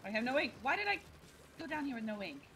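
A woman streaming a video game and chatting with a friend, laughing often and talking excitably. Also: a little high, fast talker, a little hiss or hum. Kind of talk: casual gaming chat.

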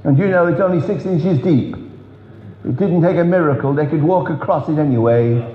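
A woman's voice: low-pitched, normal speed, close to an everyday voice. A man preaching voices an impatient, unbelieving woman schoolteacher who snaps and dismisses. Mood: dismissive. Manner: snappish, dismissive. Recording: echoey church hall, dull sound.

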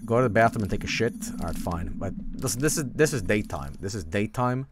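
A man's voice: fairly low pitch, expressive, fairly quick, noisy background. A man from Sweden with a Swedish accent, casually rambling and swearing while commenting on a game stream.

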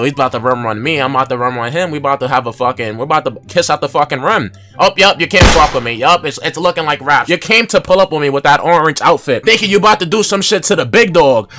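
Young NY guy, bright lively game commentary, yelling then mumbling, faint music behind. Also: on the high side. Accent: New York. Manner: loud, swings between yelling and muttering. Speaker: gaming YouTuber. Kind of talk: trash-talking gameplay commentary.

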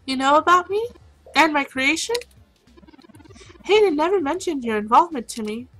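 A woman's voice: sits high, lively intonation, moderate pace, a bit bright, soft background music, pitched above the performer's own voice, rough recording. A woman voicing an earnest small male android who speaks in a formal, precise way.

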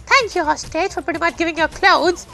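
A woman playing a video game with friends, excitable and shrieky, talking back at the game. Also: extremely high pitch, a little fast, over loud music. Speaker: gamer. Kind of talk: excited gaming commentary.

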